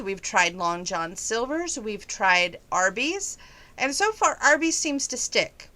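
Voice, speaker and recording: With a bright, forceful, mid-range voice, a middle-aged woman chats casually to her viewers in a folksy personal update, holding back emotion.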